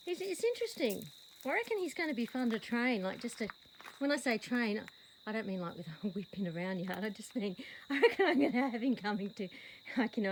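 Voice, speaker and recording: Australian woman, fairly high, very lively voice, rambling chatty vlog in a paddock, faint insect noise behind. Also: a little fast, low-quality recording. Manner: chatty, rambling, coaxing the horse in a high sing-song call. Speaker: horse owner filming her rescue horse. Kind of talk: casual vlog to camera. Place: outdoors in a paddock. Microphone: handheld phone camera.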